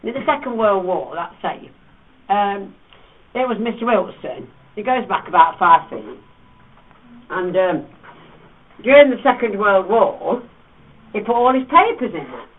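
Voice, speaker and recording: A man's voice: high-pitched, measured pace, pauses often. Man spinning tales as a cave tour guide. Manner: playful, teasing storyteller with animated voices. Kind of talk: storytelling to a tour group. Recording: distant, phone-like thin sound.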